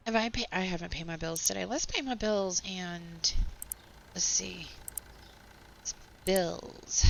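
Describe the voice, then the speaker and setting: A woman, hoarse with her voice nearly gone, chatting and venting sarcastically while playing a game. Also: fairly low pitch, normal speed, pauses often, a bit bright. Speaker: gaming channel host. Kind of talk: casual gameplay chat with storytelling. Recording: slightly dull home recording with faint background noise.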